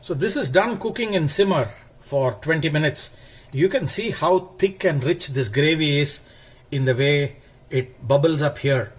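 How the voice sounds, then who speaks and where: A man hosting a cooking video, explaining each step slowly and warmly praising the food. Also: fairly high pitch, husky. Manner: slow, instructive, gently enthusiastic. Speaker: cooking show host. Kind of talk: cooking demonstration.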